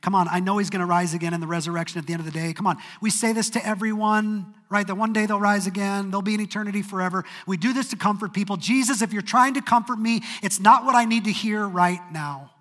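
A man's voice: high-pitched, fairly even intonation, fast talker, hardly any pauses, fairly bright tone, big-room sound, pitched above the performer's own voice. A man voicing an angry grieving woman, raised voice. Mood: exasperated. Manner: accusing, raised voice.

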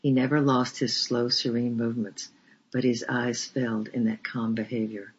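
A man narrating a memoir as an audiobook reader, with a measured, flat delivery. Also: medium pitch, breathy edge. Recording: dull lo-fi recording.

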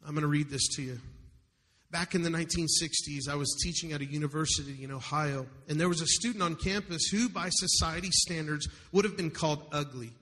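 A man's voice: a little high, a little fast, pushed and bright, long reverb tail. A man preaching a sermon with impassioned, emphatic delivery, then reading a story aloud to the congregation. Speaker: pastor.

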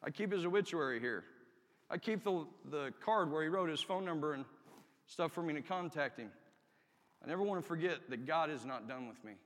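A chaplain delivers a testimony sermon with earnest candor, pushing up emphatically on key lines. His voice sits somewhat high for a man. A long church reverb trails behind every phrase. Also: animated, fairly quick, a bit bright. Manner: earnest, candid storytelling with emphatic rises. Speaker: army chaplain preaching.

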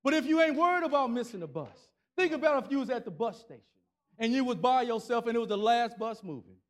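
A man preaching a sermon in a colloquial style, repeating phrases rhythmically and rising to shouted climaxes with call-and-response. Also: extremely high pitch, animated, fast talker.

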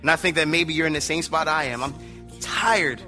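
A man preaching a sermon, emphatic at times and dropping quiet at others, telling a story to make his point. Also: fairly high pitch, normal speed, soft background music.

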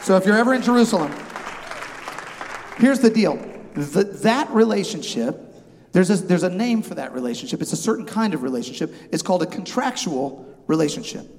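A man preaching a sermon, telling a funny story and acting out both sides of a haggle with animated voices. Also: high-pitched, a little fast, big-room sound, some chatter behind. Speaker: pastor.

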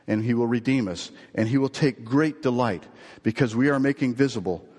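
A male pastor delivers a sermon in a mid-pitched voice, carrying a story along with animated quoted lines. The sound rings with the long reverb of a church hall. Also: a little fast.

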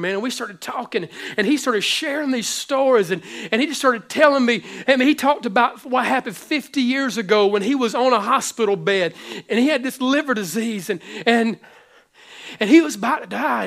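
A man preaching a sermon to his congregation, moving between hushed storytelling and loud, impassioned preaching. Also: very high voice, a little fast. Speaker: pastor. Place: church hall before a congregation.

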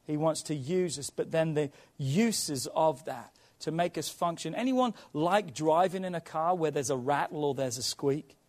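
A male pastor with a notably high voice delivers a sermon. He leans on rhetorical questions and strings of repeated phrases to drive each point home. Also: moderate pace, hardly any pauses, darkish tone. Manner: preaching with rhetorical questions and repetition.

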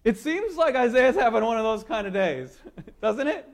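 A man preaching a sermon in a dramatic way, swinging from loud declarations to near-whispers and laughing lightly as he goes. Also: very high-pitched, very animated, normal speed. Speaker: pastor.

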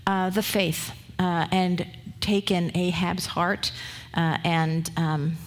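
A woman pastor preaching a sermon, retelling scripture stories in a conversational, storytelling way. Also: fairly low pitch.

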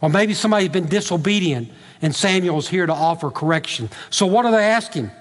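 A male pastor preaching a sermon, retelling scripture in an animated way with frequent restarts and repeated words. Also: sits high, fairly quick, in a large hall.

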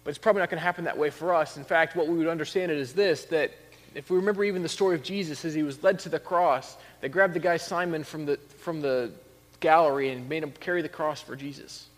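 A man's voice: fairly high pitch, fast talker. Man preaching in a reverberant hall. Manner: conversational preaching, rising to emphatic peaks. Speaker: pastor. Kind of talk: sermon.

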